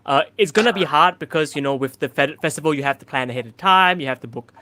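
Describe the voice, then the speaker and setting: A man's voice: fairly high pitch, pushed and bright, no echo. A comedian from Singapore, a man, chatting and joking in casual banter over a video call. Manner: quick joking banter, playful teasing. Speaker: guest comedian.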